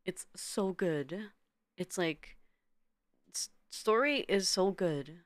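A woman's voice: on the low side, animated, takes it slowly, no echo. A woman streamer chatting casually with her viewers, giggling often and stumbling over repeated words.

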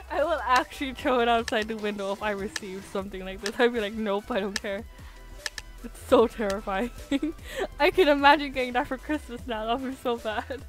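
A woman streaming a building game, chatting in a self-mocking way and breaking into laughs and squeals. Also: on the high side. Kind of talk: casual game-stream commentary.

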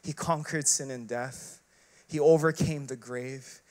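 This associate pastor's sermon sounds conversational, full of filler words and rhetorical questions, shifting from emphatic loud bursts to soft, hushed moments. His pitch is medium, his intonation fairly even, and his pace measured.

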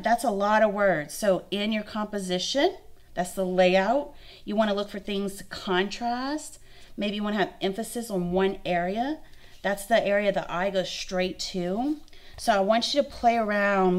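A young woman art teacher walks children through a craft lesson in a friendly, encouraging way. She thinks aloud as she demonstrates, and her voice sits at a middling pitch. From Louisiana. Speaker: art instructor.

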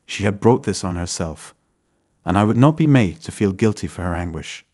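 A man narrating a dramatic first-person story in a measured, scripted delivery. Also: low-pitched, animated, a little mellow, slightly rough.

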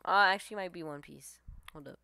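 A woman giving live gameplay commentary, excitable, swearing and trash-talking her opponents. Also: fairly low pitch, brisk, creaky, smooth, no echo. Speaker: gamer streamer.

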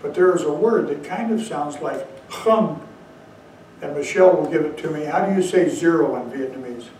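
A man giving a dharma talk as a Zen teacher, telling stories with slow emphatic asides, recorded far from the mic in a very echoey hall. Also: fairly high pitch, darkish tone, a little hiss or hum. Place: meditation hall.

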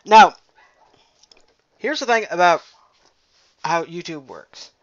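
Rambling young man with a slow drawl. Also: high-pitched, animated, highs cut off. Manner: rambling, profane, jokey, trails off. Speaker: gameplay commentator. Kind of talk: casual let's play commentary.

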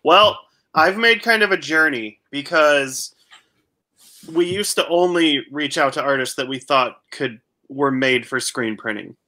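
A man's voice: on the high side, unhurried, bright, forceful tone. A man co-hosting a casual chat, thinking aloud in a musing way. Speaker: co-host.

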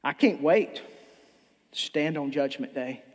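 A man's voice: a little high, slow pace. A male pastor preaching a sermon, impassioned and emphatic, stumbling over repeated restarts, heard in a church with long reverb.

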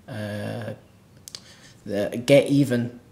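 A man from Scotland chatting casually with a friend, rambling and animated. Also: on the low side, extremely slow, creaky. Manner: rambling, animated when retelling scenes. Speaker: co-host. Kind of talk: casual chat. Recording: echoey room.

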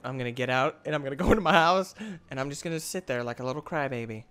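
A young man giving casual, excitable commentary over a video game, trash-talking and mock-dramatic. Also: medium pitch, rapid-fire, clean tone. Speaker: gaming video host.

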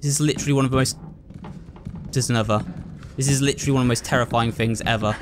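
A man's voice: mid-range voice, fairly even intonation, rapid-fire, music in the background. A man commentating on a horror game, frightened and jumpy, talking to his viewers. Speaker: gamer.

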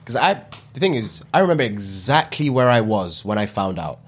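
A young man with a slightly husky voice, co-hosting a casual podcast. His pitch swings widely as he tells a story, and he keeps encouraging his friend with short agreeing replies. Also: a little fast. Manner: supportive listener, lively storytelling. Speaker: podcast co-host. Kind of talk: casual chat.

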